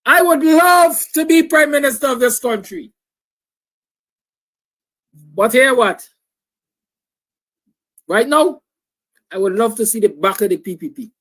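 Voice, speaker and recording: A man's voice: very high-pitched, animated, unhurried, pauses often, fairly bright tone, low-quality recording. A man hosting a call-in talk show, speaking emphatically and repeating his points. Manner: emphatic, repetitive, opinionated.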